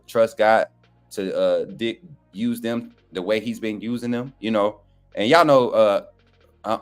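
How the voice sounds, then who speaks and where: A relaxed young man with a fairly low voice chats easily to his audience on a live stream. His talk is loose and friendly, full of asides to the viewers. Faint music plays behind him. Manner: relaxed, folksy, addresses viewers as y'all. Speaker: co-panelist on a sports show. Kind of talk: casual live stream chat.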